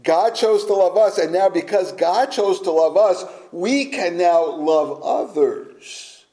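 A man preaching a sermon slowly and emphatically, sometimes dropping to a near-whisper for effect. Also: high-pitched, dark tone, low-quality recording.

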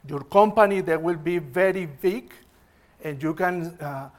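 A man's voice: on the high side, unhurried, natural voice. A man voicing an ambitious male business executive who lays out his plans step by step, often opening with "well". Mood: persuasive. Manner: eager, explaining step by step, opens with "well".

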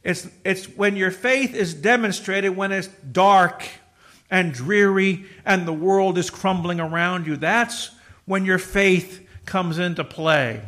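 A middle-aged man preaching a sermon, emphatic, swinging from loud exhortation to quiet, with repeated restarts. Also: high voice, takes it slowly.

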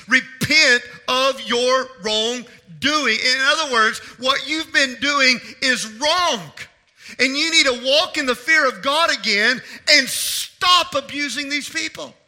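A pastor delivering an impassioned sermon in a strikingly high voice. He swings from forceful, near-shouted appeals to his congregation to hushed, earnest asides. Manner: impassioned preaching, rising to shouts then dropping low.

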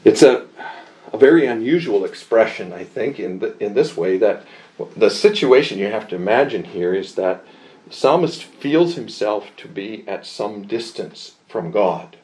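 A man teaching a Bible lesson in a measured, deliberate way, pausing often with small fillers and leaning into the verses he quotes. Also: lowish voice, expressive, a little mellow. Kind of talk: slow expository Bible lesson.

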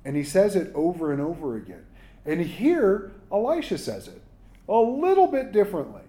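A male pastor delivers a relaxed, conversational sermon, reading scripture before chatting with his listeners through frequent asides, quick jokes and the odd "right?". His voice is high-pitched with a dark tone, and its pitch swoops wildly.

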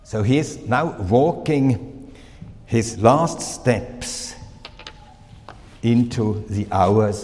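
A man with a German accent, a native German speaker, preaching a sermon in slow, deliberate phrases with pauses and fillers. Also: medium pitch, animated, darkish tone, long reverb tail.

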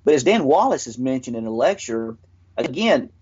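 A man's voice: medium pitch, sing-song, moderate pace, darkish tone, slightly rough. A man explaining earnestly in casual discussion, often restarting his sentences. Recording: dull lo-fi audio.

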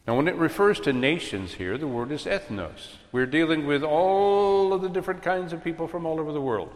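A man preaching a sermon with emphatic swings between loud and soft. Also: on the high side, lively intonation, normal speed. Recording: long hall reverb.

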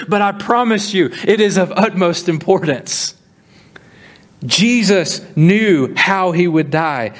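High-voiced man preaching earnestly. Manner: earnest preaching, slows for emphasis, acts out dialogue. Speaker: pastor. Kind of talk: sermon.

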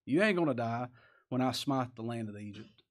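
A man's voice: mid-range voice, lively intonation, normal speed. A man preaching a sermon, reading scripture aloud and swinging into rising, emphatic lines. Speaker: pastor.

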